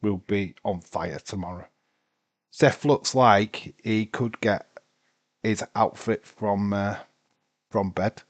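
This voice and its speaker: Tired guy with a slow, low drawl, muttering live wrestling commentary to himself. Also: no room sound. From United Kingdom. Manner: rambling, talks to himself. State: sleepy, tired. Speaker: watch-along streamer.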